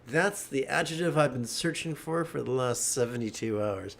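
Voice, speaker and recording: A man's voice: mid-range voice, lively intonation, moderate pace, few pauses. A middle-aged man giving a livestreamed meditation talk, a wry, joking storyteller. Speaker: meditation teacher.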